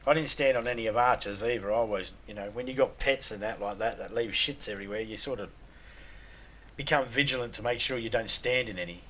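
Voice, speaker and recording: A man's voice: lowish voice, quick pace, fairly bright tone, slight background noise. A man with an Australian accent chatting casually on a live game stream, telling crude, profane jokes. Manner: crude, profane, joking banter. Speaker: gaming streamer. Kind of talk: casual livestream chat.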